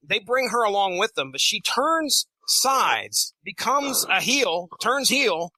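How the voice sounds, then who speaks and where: A man's voice: sits high, no echo, low-quality recording. A man co-hosting a podcast, animatedly retelling a comic plot in a casual recap. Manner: animated storyteller, fillers and restarts. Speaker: podcast co-host summarizing a comic.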